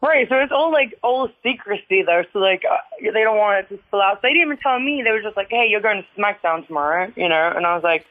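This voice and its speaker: An English woman, a retired wrestler, telling stories in a casual interview, chatty, full of "like" fillers and quick laughs. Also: medium pitch, expressive, dry recording. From England. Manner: chatty storyteller with constant "like" fillers and frequent laughs. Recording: tinny phone-like line, dry.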